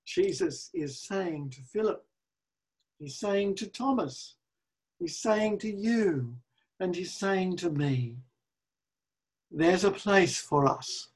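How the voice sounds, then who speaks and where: A pastor delivers a sermon at an unhurried pace. The voice sits in a middle register, earnest and emphatic, and returns again and again to repeated phrases. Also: medium pitch, expressive, breathy edge.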